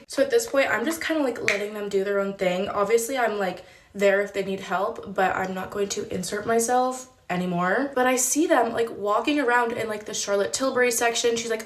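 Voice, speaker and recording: A woman's voice: mid-range voice, fairly quick, few pauses, roomy sound, slight background noise. A woman and former store employee telling a casual storytime vlog, chatty and full of "like" fillers, acting out the people she quotes. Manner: chatty, many "like" fillers, acts out quoted voices.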